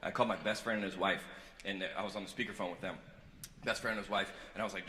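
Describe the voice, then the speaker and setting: A man performing a stand-up comedy set live on stage, moving between quiet earnest confession and loud joking banter with the crowd. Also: low voice, fairly even intonation, fast talker, slight background noise. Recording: echoey venue with loud audience ambience.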